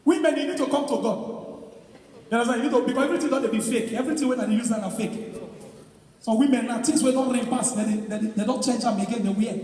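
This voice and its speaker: A woman with a Nigerian accent performing live stand-up comedy, animated and shouting punchlines amid her own laughter. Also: fairly high pitch. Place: large live venue. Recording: echoey hall, distant mic, live crowd. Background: audience noise.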